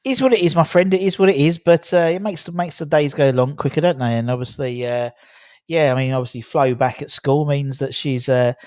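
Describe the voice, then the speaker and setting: A man hosting a fan live-stream, chatting casually about football with callers, often animated and swearing now and then. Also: fairly high pitch, fairly quick, no room sound, clean studio sound. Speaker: host of a fan live-stream call-in show. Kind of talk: casual chat and football opinion.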